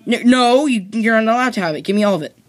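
A gamer chatting casually during a co-op game, bossy and teasing, breaking into excited whoops. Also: mid-range voice, fast talker. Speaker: let's play gamer. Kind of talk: casual co-op gaming chat.

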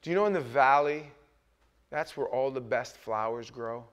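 A middle-aged man preaching a sermon as pastor, talking with the congregation and swinging between hushed asides and loud, emphatic bursts. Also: medium pitch, moderate pace, clear, resonant tone. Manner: conversational, asks the congregation questions.

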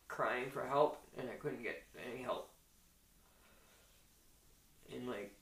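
Gravelly low man in an echoey room. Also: fairly bright tone. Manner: halting, retells events as quoted dialogue. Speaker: interview guest recounting abuse he suffered. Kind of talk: first-person account in conversation. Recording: echoey room, distant mic, faint hiss.

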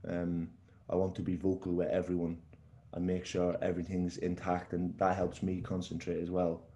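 A man's voice: low-pitched, monotone, moderate pace, mellow. A young man, a footballer guest, talking in a casual interview, often repeating and restarting his words.

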